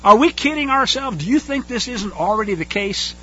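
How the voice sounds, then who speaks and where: A man's voice: extremely high pitch, expressive, fairly quick, fairly bright tone, husky, muffled recording. A man preaching a fiery, sarcastic sermon, scornful and mocking as he reads and comments on scripture.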